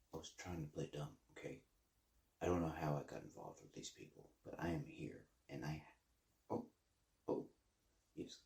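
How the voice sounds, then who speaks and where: A man's voice: lowish voice, warm tone. Hesitant man in an echoey room. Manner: hesitant, halting, many fillers.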